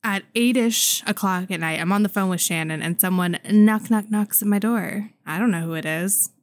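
A woman in her thirties co-hosting a casual podcast, telling a story with lively shifts and quoted voices. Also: moderate pace, no room sound. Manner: animated storyteller, jumps pitch for quoted voices, laughs often. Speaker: podcast co-host.

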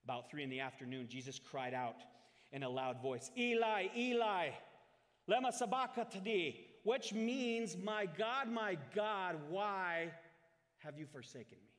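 A man preaching a sermon to a congregation, swinging from loud, dramatic scripture readings to quiet, reflective asides. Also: medium pitch. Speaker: pastor. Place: church hall. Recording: long hall reverb. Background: congregation in the room.

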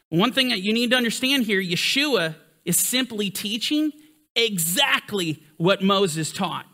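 Stressing his points with pitch that rises and falls, a man delivers a Bible study sermon in an emphatic way. His tone is bright and forceful.

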